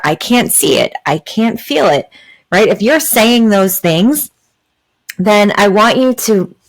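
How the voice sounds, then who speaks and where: A woman's voice: medium pitch, low-quality recording. A woman hosting a spiritual podcast, talking in an earnest, explanatory way with many fillers and "right?" asides. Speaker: podcast host. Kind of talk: spiritual talk, reflective and explanatory.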